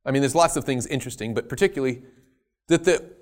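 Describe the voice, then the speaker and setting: A man preaching a sermon, stressing key words loudly and then dropping to quiet asides. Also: mid-range voice, quick pace. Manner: emphatic, swinging between loud stresses and quiet asides.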